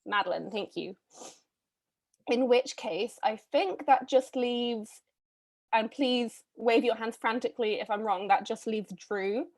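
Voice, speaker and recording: A woman hosting a live online read-through, casting roles in a chatty, brisk way with frequent ums, heard over a video call. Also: on the high side, a little mellow. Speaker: read-a-thon host casting readers.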